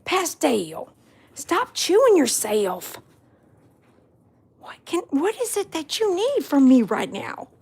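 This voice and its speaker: Indoors at home, a woman who vlogs and grooms dogs talks casually to her pets, teasing, scolding and frequently laughing. Her high voice swings widely in pitch, unhurried yet almost pauseless, with vocal fry and a darkish tone.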